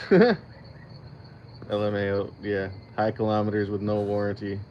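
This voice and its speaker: A man's voice: fairly low pitch, level tone, measured pace, dull audio, slight background noise. Profane, rambling man on a casual stream. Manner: rambling, profane, laughs often. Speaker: channel host. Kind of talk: casual livestream chat.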